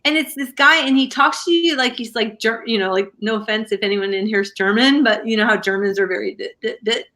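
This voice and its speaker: A woman's voice: a little high, fairly quick, sharp tone. A woman hosting a livestream, chatting casually and telling rambling stories to her viewers with lots of fillers. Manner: chatty storyteller with many fillers. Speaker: livestream crafting host. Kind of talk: casual chat to a live audience.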